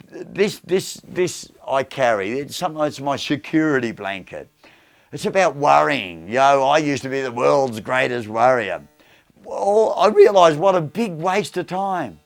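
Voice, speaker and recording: A middle-aged Australian man giving a casual motivational talk, enthusiastic and repetitive, rambling as he tells stories. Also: medium pitch. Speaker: motivational speaker.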